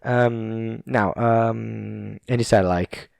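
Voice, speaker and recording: A man's voice: fairly low pitch, steady tone, drawn-out words, vocal fry, darkish tone, dry recording, clean studio sound. A young Italian man with an Italian accent hosting a casual solo podcast, rambling, chuckling and swearing loosely. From Italy. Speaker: podcast host.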